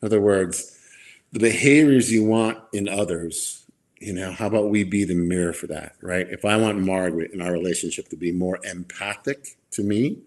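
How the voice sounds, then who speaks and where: A man's voice: low voice, normal speed, darkish tone. A middle-aged man, a leadership expert guest on a podcast, chatting casually and acting out quoted dialogue as he tells stories. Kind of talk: casual storytelling conversation.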